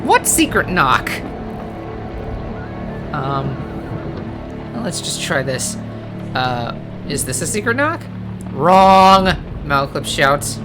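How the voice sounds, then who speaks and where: Lively, sing-song gamer voice narrating game cards with game music underneath. Reads the story text, then drifts into unsure little asides and corrects itself mid-sentence. Home-recorded let's play. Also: medium pitch, slow, long pauses. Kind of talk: reading game text aloud with casual asides.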